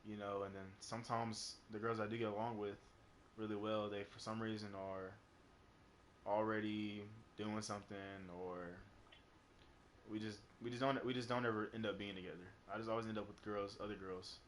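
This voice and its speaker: Young dude on a live stream, kinda low voice, rambling story w lots of likes and swearing. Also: male voice, flat delivery, normal speed, a little hiss or hum. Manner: rambling, heavy on fillers and profanity. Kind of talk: casual storytelling chat.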